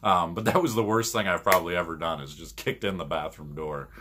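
A man's voice: deep voice, brisk, slight background noise. A man from Michigan, a podcast co-host, rambling through casual stories and laughing often. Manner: rambling, laughs often, animated when retelling arguments. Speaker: podcast co-host and pro bowler. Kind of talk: casual storytelling.

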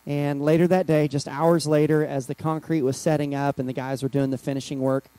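A middle-aged man pastor telling a church story in a sermon, excitable with halting restarts. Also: fairly high pitch, no room sound, poor audio.

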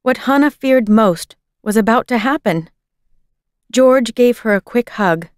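A woman reading a children's book aloud in a measured, expressive storytelling manner. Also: fairly high pitch, dry recording, clean studio sound. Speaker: reader.

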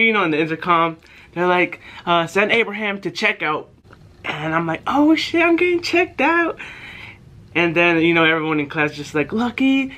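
A young man telling a story in a bright, forceful voice that sits a little high for a man. He talks casually and profanely to his viewers, swings his pitch around as he gets worked up, and acts out the people in his tale. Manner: animated, profane, acts out quotes. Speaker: vlogger.

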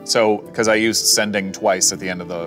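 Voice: low voice, steady tone, brisk, music in the background. A player in a tabletop game, explaining moves and asking questions. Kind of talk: casual tabletop play.

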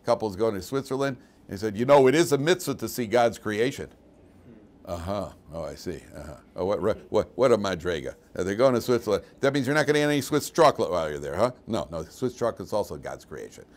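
Animated older rabbi giving a lively lecture. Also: male voice, deep voice, fast, hardly any pauses. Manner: animated, digressive, with restarts and asides; dry, mocking humor. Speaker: rabbi teaching a weekly Torah class. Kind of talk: informal Torah lecture.

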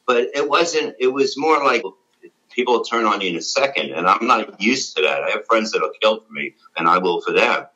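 A man's voice: fairly low pitch, expressive, normal speed, sharp tone, low-quality recording. A middle-aged man telling a rambling, profane story in casual conversation, with lots of fillers. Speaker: former radio show regular, guest.

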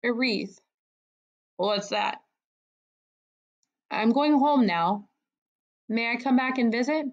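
A woman's voice: a little high, takes it slowly, pauses often. A woman voicing a brave, earnest young female mouse in a storybook, solemn and earnest, on a dull lo-fi recording.

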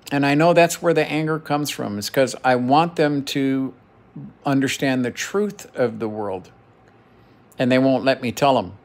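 A middle-aged man venting in an emotional personal monologue to his camera, heated and profane, repeating phrases for emphasis. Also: mid-range voice. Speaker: vlogger.

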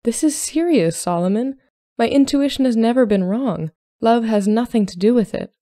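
A woman voicing an earnest young lady in a period story, speaking higher and with rising emotion. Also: measured pace, dark tone, dry recording, studio quality, close to an everyday voice. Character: earnest young Regency lady, anxious and proud.

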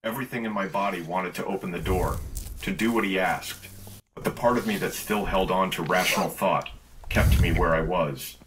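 Male narrator for a scripted horror read, low register, measured and tense. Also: a bit bright, slight background noise, low-quality recording.

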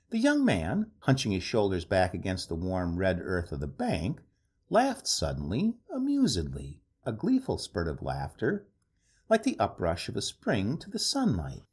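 A man narrating a story aloud in an expressive, animated reading style. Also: low voice, a little slow, husky.

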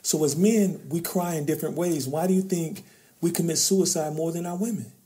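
A man's voice: on the high side, fairly even intonation, a little fast, mellow. A middle-aged man, an author and men's trainer, speaking as a guest in a podcast interview, preacherly in tone, building to emphatic peaks. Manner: preacherly, rises to emphatic peaks, addresses host as brother.

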